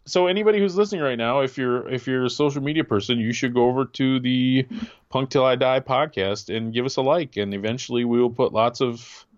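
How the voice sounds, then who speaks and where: A man's voice: mid-range voice, brisk, no echo, lo-fi sound. A man in his forties co-hosting a podcast, rambling and chatty, often trailing off and restarting. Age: 40s. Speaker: podcast co-host. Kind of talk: casual chat.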